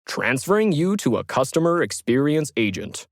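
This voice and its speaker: A man's voice: medium pitch, very animated, moderate pace, no room sound, clean studio sound, pitched above the performer's own voice. A man voicing a cheery automated phone menu that recites its lines in an audio story. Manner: chirpy, scripted.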